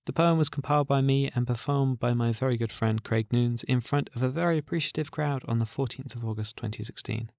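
A man with a gravelly voice and a dry, close sound calmly introduces his podcast episode. He explains the project in a steady, scripted way. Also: mid-range voice, fairly quick, few pauses, dry recording. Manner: calm, explanatory. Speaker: podcast host.

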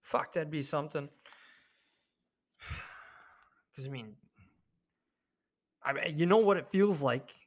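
A young man hosting his own podcast, rambling through a jokey, profane monologue with sudden loud bursts. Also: medium pitch. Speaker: podcast host. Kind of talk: casual comedic monologue.

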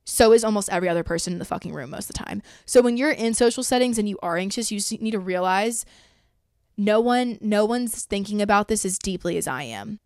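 A woman's voice: mid-range voice, no echo, studio quality. A young woman in her twenties hosting a podcast, talking casually in a blunt, profane, chatty way. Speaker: podcast host. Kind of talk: casual chat.

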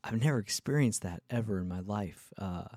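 A male musician vlogger telling a casual story in a rambling, excitable way, full of fillers and restarts. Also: fairly low pitch, normal speed, dry recording, clean studio sound.

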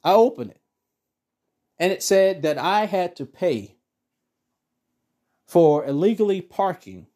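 A man hosting a podcast, ranting bluntly with heavy profanity and telling a story in a casual, animated way. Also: a little high. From Texas. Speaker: podcast host. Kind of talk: profane political rant and storytelling.

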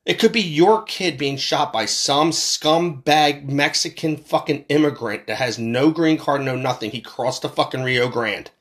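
A man's voice: a little high, a little slow, few pauses, a bit bright. A man from Philadelphia delivering a heated, profane monologue, repeating himself as he builds up steam. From Philadelphia, USA. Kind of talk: angry political rant.

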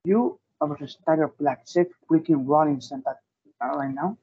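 Male interviewer, higher-pitched and husky, reads listings in brief prompts; tinny phone-like sound. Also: normal speed. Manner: brief prompts, lists dates and matches. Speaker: interview host. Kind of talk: interview questions, reading match listings.

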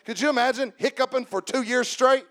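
A man preaching a sermon to a congregation, talking to them directly with humor, shouting and slowing down for emphasis, then dropping to quiet asides. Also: very high-pitched, steady tone.

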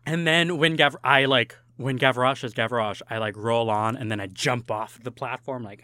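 A young man co-hosting a podcast, telling an animated story with lots of laughs and fillers. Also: medium pitch, moderate pace, hardly any pauses, clean tone, dry recording. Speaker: podcast co-host. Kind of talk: casual chat, storytelling.

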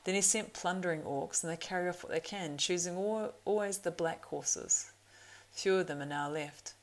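A woman voicing a proud young horse-lord, low and gravelly. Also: normal speed, natural voice, poor audio. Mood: bitter, wary. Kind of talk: audiobook reading.

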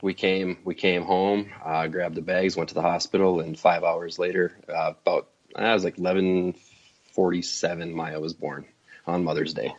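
A young man and new father telling stories in casual podcast chat, halting and full of fillers. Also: deep voice, level tone, breathy edge. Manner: halting, filler-heavy storytelling. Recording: dull lo-fi sound.

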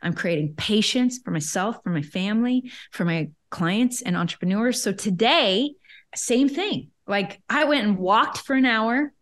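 A woman who coaches entrepreneurs, a guest telling a personal story in an interview, chatty and lively, often acting out her own past thoughts. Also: mid-range voice, measured pace. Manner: lively, self-quoting, chatty with frequent "like".

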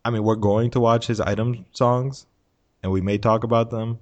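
A man's voice: mid-range voice, steady tone, normal speed, a little mellow, muffled recording. Dry wisecracking man on a podcast. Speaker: podcast co-host. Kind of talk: casual podcast chat.

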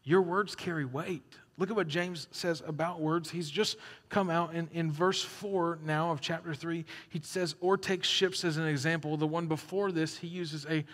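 A young adult man preaching a sermon as a pastor, animated, dropping to a hush and rising loud, acting out the quotes he reads. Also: fairly high pitch, moderate pace. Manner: animated, swings from hushed to loud, acts out quotes. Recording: echoey hall reverb.

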